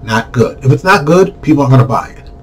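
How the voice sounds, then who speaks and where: Man, blunt vlog rant, mocking asides, mid pitch, slightly distant mic. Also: expressive, quick pace. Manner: blunt, ranting, mocking voices of others. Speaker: comic book creator and channel host.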